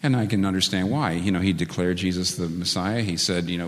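A male pastor preaching a sermon, earnest and building to animated peaks before dropping to a quiet prayer. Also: low voice, brisk. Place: church sanctuary. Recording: preached in a church hall with long reverb.

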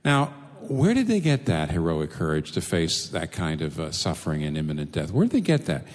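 A man's voice: very deep voice, huge pitch swings, a little fast, in a large hall. A male preacher giving a sermon, asking rhetorical questions and repeating phrases for emphasis.

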